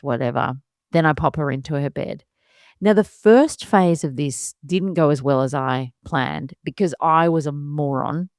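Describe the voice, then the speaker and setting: Low-voiced woman telling a lively story. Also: clean tone, no echo, clean studio sound. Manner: animated, laughing often, acts out her own inner thoughts. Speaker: podcast host and mother. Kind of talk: casual storytelling monologue.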